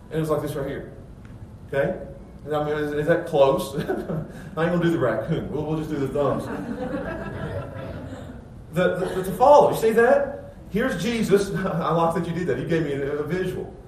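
A man preaching a sermon as a pastor, animated, swinging between loud excited passages and low calm ones. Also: moderate pace, pauses often, slight background noise. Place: church. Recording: echoey room from far off.

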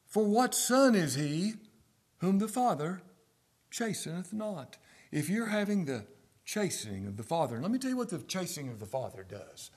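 A man who pastors a church, preaching a sermon and swinging from near-whispers to loud, stressed words. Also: high-pitched, very animated, moderate pace, slightly rough. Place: church sanctuary.

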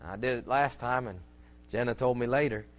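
Speaking at normal speed in a medium pitch, a male preacher gives a loose, sermon-style talk on church music. He rambles in a folksy way, with frequent fillers and restarts, and relies on homespun illustrations.

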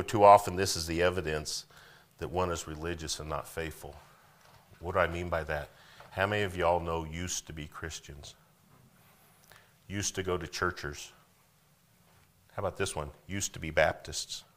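Man, pastor, sermon, low voice, forceful, questions the congregation, emphatic bursts.

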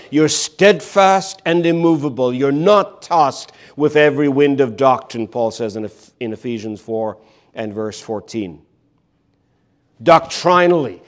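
Earnest older man preaching a sermon. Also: on the high side. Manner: earnest, emphatic, repeats key words slowly.

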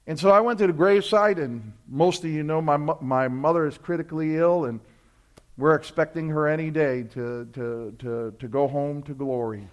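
A man preaching a sermon, telling a story and acting out voices, building from quiet asides to loud fervent climaxes. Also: a little high, normal speed, lo-fi sound. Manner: storytelling preacher, acts out voices, swells to shouts. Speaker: pastor.

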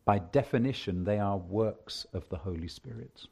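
A male preacher giving a sermon, with emphatic preaching that swings from hushed lines to loud declarations. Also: lowish voice, moderate pace, vocal fry, breathy edge.

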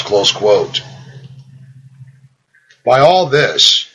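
A man reading an old devotional book aloud in a slow, solemn way, lifting his voice on the quoted sayings. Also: medium pitch, rough recording. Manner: slow, solemn reading with lively rises on quotations; reads out "quote" and "close quote" markers. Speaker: audiobook reader.

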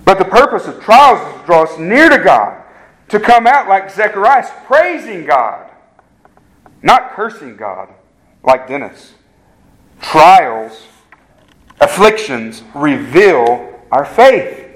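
With a high-pitched voice full of big pitch swings, a pastor takes his sermon slowly, earnest and emphatic. He often checks in with the congregation and repeats words as he starts sentences, captured on a rough recording.

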